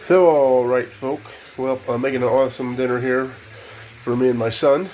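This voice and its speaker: A man's voice: mid-range voice, fairly even intonation, moderate pace, darkish tone, slight background noise. A man vlogging from his van and by the water, talking in a folksy, rambling way and calling his viewers "folk", filmed on a handheld phone. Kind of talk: casual vlog chat. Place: outdoors by water and inside a van.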